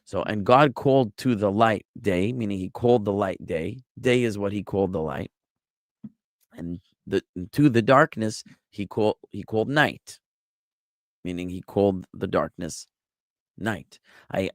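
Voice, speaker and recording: A rabbi giving an online Bible Hebrew lesson, explaining step by step in a patient way with small jokes. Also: male voice, low voice, moderate pace, vocal fry, dry recording, clean studio sound. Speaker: rabbi teaching a Hebrew class.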